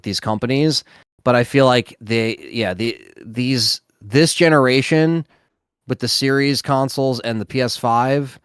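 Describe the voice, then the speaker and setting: A man co-hosting a gaming podcast, talking in a measured, hesitant way with many fillers. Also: mid-range voice, smooth, no room sound, clean studio sound. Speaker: podcast co-host. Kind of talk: casual gaming podcast chat.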